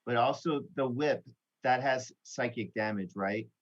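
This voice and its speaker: A man's voice: mid-range voice, a little slow. A man who plays in a tabletop game, rambling hesitantly in casual chat. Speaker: player. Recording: dull lo-fi audio.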